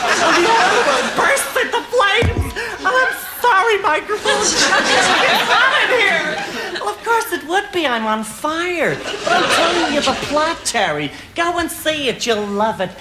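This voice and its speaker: A man's voice: very high-pitched, animated, measured pace, a loud crowd, very noisy. A man playing a gushing vain film starlet. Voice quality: breathy put-on starlet voice, gushing innuendo. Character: brassy glamorous female film star, vain and flirty. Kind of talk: studio sketch comedy. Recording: loud studio audience laughter. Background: laughing studio audience.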